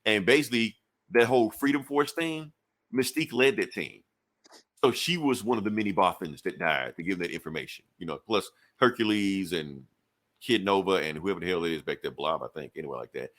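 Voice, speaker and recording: A man's voice: deep voice, fairly quick, fairly bright tone. A man co-hosting a podcast, loosely recapping a comic book in casual, rambling talk full of fillers. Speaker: podcast co-host.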